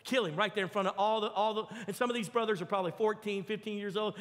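A man preaching a sermon, telling the story with lively acted-out voices. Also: high-pitched, brisk, hardly any pauses, in a large hall. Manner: animated storytelling, acts out voices. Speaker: pastor. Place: church.

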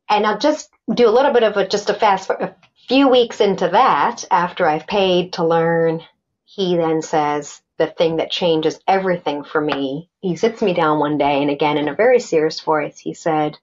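A woman's voice: fairly low pitch, normal speed, darkish tone, highs cut off. A middle-aged woman recounting a personal story as a podcast guest, animatedly acting out quoted dialogue with many restarts.

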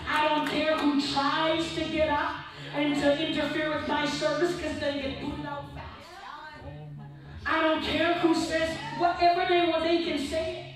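A high-pitched woman preaches with bold defiance, her voice climbing into shouts. She sounds far from the mic in a very echoey church hall, with music clearly underneath. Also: little pitch movement, unhurried. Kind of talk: fiery revival sermon. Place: large church at a camp meeting.

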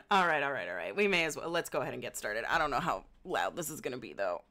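A woman with an Indiana accent chatting casually with her viewers as a livestreamer, in a wry, joking way and quick to laugh. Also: rumbling low, pushed and bright. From Indiana, United States.

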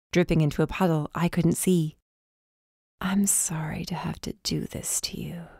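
A woman reading a first-person dark fantasy story as audiobook narrator, with tense, urgent delivery. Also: fairly low pitch, no room sound, studio quality.

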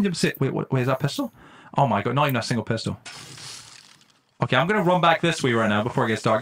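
A young man live-streaming a game, chatting with viewers in slang and breaking into loud exclamations. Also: medium pitch, animated, very fast, pauses often. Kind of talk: live-stream gaming commentary. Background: faint music.

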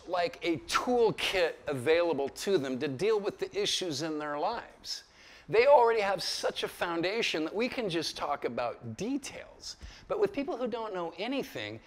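A man in his fifties giving an informal Bible lecture to a group, conversational and full of stories and asides. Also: high-pitched. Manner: conversational and storytelling, with asides and chuckles. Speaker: pastor teaching a Bible lecture. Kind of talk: informal teaching talk to a group.

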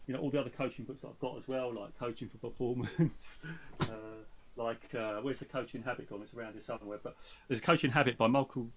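A man hosting a podcast in casual chat, rambling and breaking off mid-thought, sometimes reading aloud from a book. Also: medium pitch. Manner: rambling, self-interrupting, reads aloud with lively voices for quotes. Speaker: podcast host.

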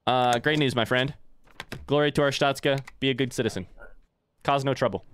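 A man putting on a hammy fake Russian accent to voice a gruff male border inspector in a video game. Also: medium pitch, steady tone, brisk, fairly bright tone, a little hiss or hum, natural voice. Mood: mock-stern. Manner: hammy, jokey put-on accent.

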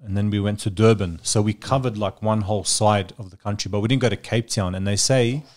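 A man's voice: lowish voice, fairly even intonation, a little fast, darkish tone. A man, a podcast guest telling stories in casual, rambling chat full of fillers. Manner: rambling storyteller, many fillers.

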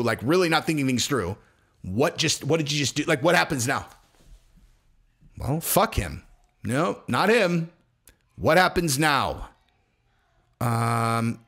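Profane, animated male commentary host. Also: mid-range voice. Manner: profane, rambling, acts out voices mid-story. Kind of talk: casual commentary monologue.

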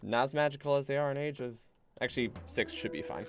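A man's voice: medium pitch, fast, a little hiss or hum. A man streaming a strategy game, rambling casually and bossing his units around with the odd swear. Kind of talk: casual gameplay commentary.

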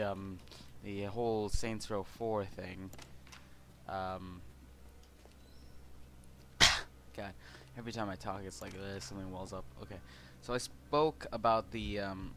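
A man's voice: sits low, steady tone, slow, long pauses, a bit bright, a little hiss or hum. A young man from California, commenting casually on a video game, rambling with many fillers, restarts and casual swearing. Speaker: let's play host.

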